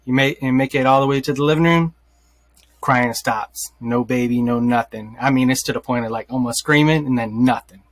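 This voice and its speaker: A man's voice: mid-range voice, brisk, no room sound. A man hosting a casual podcast, telling a hypothetical story and acting out people's reactions as he goes. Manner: storytelling, acts out quoted reactions. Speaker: podcast host.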